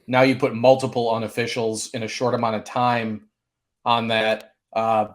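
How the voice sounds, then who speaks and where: A man co-hosting a sports podcast, speaking in a measured way with frequent filler sounds. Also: medium pitch. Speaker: recruiting analyst co-host. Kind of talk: casual sports podcast chat.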